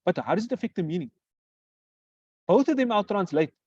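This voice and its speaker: A teacher giving a grammar lesson who poses questions and answers them, repeating example phrases slowly. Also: mid-range voice, expressive, a little mellow, slightly rough, no room sound. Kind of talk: classroom lecture. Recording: dull lo-fi recording.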